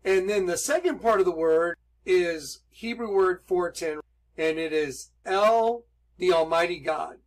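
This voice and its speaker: High-voiced man preaching scripture. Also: low-quality recording. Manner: emphatic, reads scripture aloud slowly. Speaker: Bible teacher. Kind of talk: preaching Bible study.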